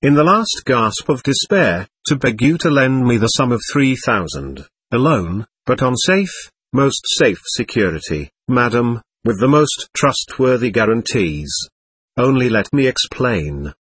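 A man voicing a desperate, nervous young man who pleads frantically and overly politely, with a husky voice. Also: medium pitch, sing-song, unhurried, fairly bright tone, no room sound, exaggerated voice. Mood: pleading.

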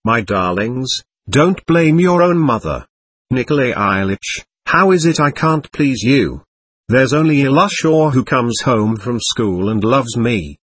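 A plaintive, half-mad old mother pours out her grievances in a husky, wandering voice, as a man reads her part. Her tone rises and falls a great deal, close and dry. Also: medium pitch, animated, a little slow, no echo. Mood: pleading. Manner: rambling, self-pitying complaint. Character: poor mad older mother, plaintive and aggrieved.

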